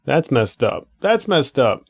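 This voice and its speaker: A man's voice: medium pitch, big pitch swings, takes it slowly, husky. A man co-hosting a podcast in casual comedic chat, laid-back and loose, reading out answers and cursing now and then. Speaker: podcast co-host.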